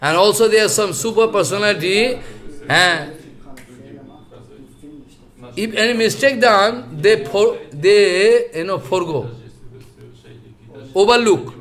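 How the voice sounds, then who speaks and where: High, bright-voiced man lecturing slowly. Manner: halting speech with many fillers and repetitions; chants verses slowly. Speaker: spiritual lecturer. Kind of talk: scripture lecture.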